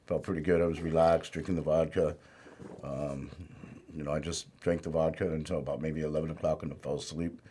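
A man's voice: a bass voice, flat delivery, brisk, mellow, a little hiss or hum. A man speaking as an interview guest, telling his life story in a plainspoken, rambling way with lots of "you know".

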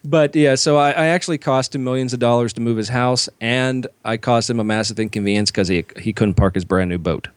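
A man's voice: mid-range voice, fairly quick, few pauses, clean tone, no echo. A man co-hosting a casual podcast, telling long rambling anecdotes and acting out the people in them. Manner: rambling anecdotes, acts out quoted voices loudly. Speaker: podcast co-host. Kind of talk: casual storytelling chat.

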